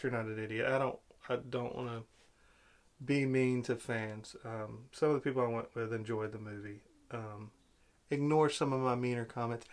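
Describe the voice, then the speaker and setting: A man giving an angry, sarcastic movie review rant, exasperated and repeating himself. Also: medium pitch. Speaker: video blogger.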